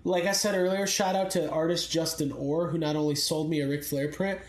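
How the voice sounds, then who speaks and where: A man's voice: on the high side, fairly even intonation, fairly quick. A man co-hosting a podcast, telling rambling stories in casual chat and laughing often. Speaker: podcast co-host. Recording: roomy echo.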